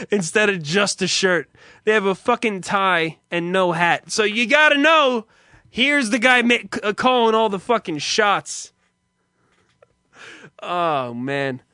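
A man with a high, bright, sharp voice rambles through profane stories and laughs as he talks. The sound is dry and close. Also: no echo. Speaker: streamer host. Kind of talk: casual profane monologue.

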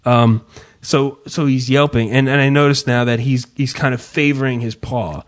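A man on a podcast telling a long story in casual chat, swearing freely and mocking himself, and shouting the lines he quotes. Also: mid-range voice, steady tone, normal speed. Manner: profane, self-mocking storyteller who yells his own quotes. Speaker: podcast host.

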